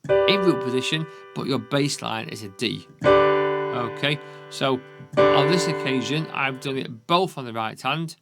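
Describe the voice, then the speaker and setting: A man with a Yorkshire accent teaches beginner piano at a measured pace, his voice medium in pitch. He counts beats aloud and often checks in with "okay?" as loud piano music sounds underneath.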